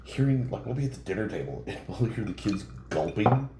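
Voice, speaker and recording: Deep-voiced man musing with halting restarts. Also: very animated. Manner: halting, self-reflective, with many restarts. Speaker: podcast co-host. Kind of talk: casual chat. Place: bar room. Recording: roomy echo, faint background noise.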